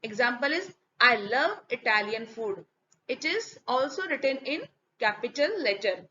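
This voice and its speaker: A woman teaching an English grammar lesson with an Indian accent, switching into Hindi, repeating examples slowly and asking and answering her own questions. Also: sits high, pushed and bright. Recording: slightly dull, faint background hiss.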